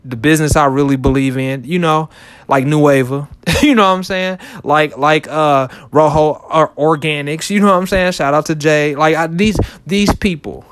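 A vlogger and shoe reseller in his thirties gives a casual motivational talk to camera, loose and repetitive, full of fillers and restarts. His voice is on the high side and fairly bright, with fairly even intonation at a normal speed, recorded clean with no echo.

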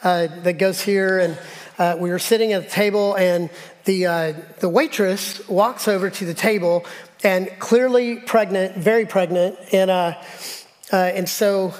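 Pastor, man, middle-aged, higher voice; conversational sermon, acts out stories; long church reverb. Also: fairly even intonation, measured pace. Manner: conversational, self-deprecating, acts out dialogue. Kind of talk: sermon with personal storytelling. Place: church sanctuary.

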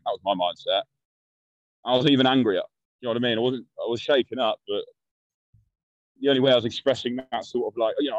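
A young man tells rough stories in a loose, blunt way, swearing freely and voicing the people he quotes. His voice sits at an ordinary pitch, and the recording is dry and a little dull. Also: quick pace, no room sound. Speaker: guest. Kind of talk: casual storytelling.

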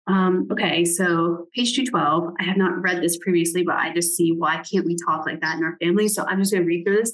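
A woman's voice: lowish voice, poor audio. A woman giving a casual, reflective talk, thinking aloud as she reads passages from a book, with many "like"s and "right?"s.

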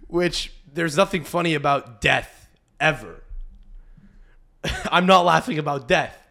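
A man's voice: fairly high pitch, a little slow, creaky, pushed and bright. A man from Canada, hosting a podcast as a comedian and riffing animatedly with frequent restarts. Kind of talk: casual podcast monologue.

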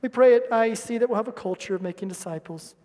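A male pastor delivers a sermon with passion, rising into loud, emphatic bursts and then dropping to hushed asides. His voice sits very high for a man. A long reverb hangs behind every line, as in a large church sanctuary. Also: quick pace.

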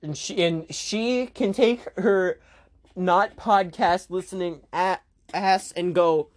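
A man's voice: sits high, slow pace. Goofy rambling podcast host, man. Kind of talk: casual podcast chat.

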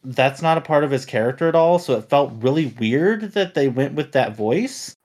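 A man's voice: medium pitch, animated, moderate pace, a little mellow. A man hosting a podcast, chatting casually and rambling with many fillers and restarts. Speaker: podcast host.

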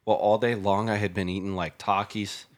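A man's voice: lowish voice, little pitch movement, normal speed. A young man hosting a casual chat show, telling a story in a laid-back way, often saying "dude" and "bro" and laughing. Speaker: podcast host.

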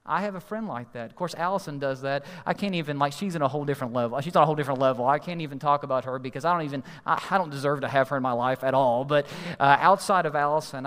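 A man preaching a sermon as pastor, earnest and emphatic, slowing to stress key phrases. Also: medium pitch, a bit bright, clean tone. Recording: long hall reverb.

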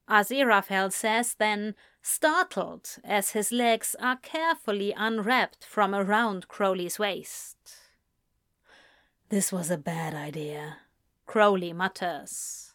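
Slow, lively woman narrating a story. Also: a little high, smooth, dry recording, clean studio sound. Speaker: audiobook reader. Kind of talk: narrating fan fiction aloud.

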